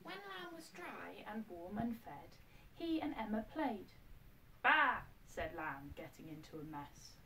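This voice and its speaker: A woman teacher reads a picture book aloud to her class, gentle and expressive, with small asides to the children. She films herself at home, and the camera sits a little far off, with a faint noise underneath. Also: medium pitch, measured pace. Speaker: primary school teacher. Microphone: self-filmed camera. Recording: distant mic, faint background noise.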